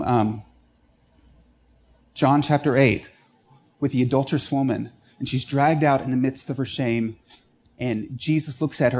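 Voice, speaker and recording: A male pastor preaching a sermon, telling stories and acting out quoted lines with lively shifts in pitch. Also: husky.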